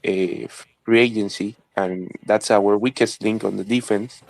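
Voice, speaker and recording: A man with a somewhat low voice calls in to a live fan discussion. He speaks haltingly, filling gaps with hesitant sounds and restarting phrases, and his sound is close and dry. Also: fairly even intonation, vocal fry, dry recording, low-quality recording. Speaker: caller. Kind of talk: casual call-in discussion.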